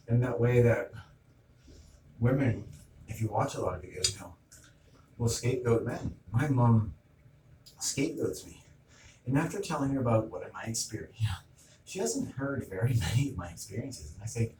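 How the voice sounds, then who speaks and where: A man's voice: medium pitch, lively intonation, normal speed, pauses often. A middle-aged man in an agitated monologue, retelling an argument in quoted back-and-forth. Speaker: vlogger. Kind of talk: ranting monologue. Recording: roomy, distant mic, noisy ambience.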